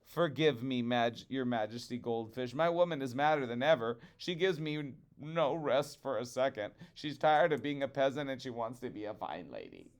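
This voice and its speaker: A man voicing a humble, timid old fisherman who pleads in a hurried way in a storybook reading. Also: mid-range voice, expressive, natural voice. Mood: pleading.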